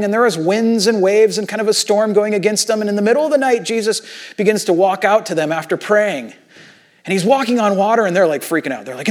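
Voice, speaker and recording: A man preaching a sermon as a pastor, retelling Bible stories in lively acted-out voices and casual asides. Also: sits high.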